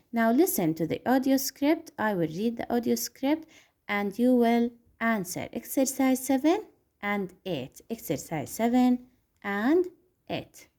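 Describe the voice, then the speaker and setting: A woman teaching an English lesson to young pupils. She speaks slowly, repeats key words and switches into Arabic to explain. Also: a little high, mellow. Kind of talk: online classroom lesson.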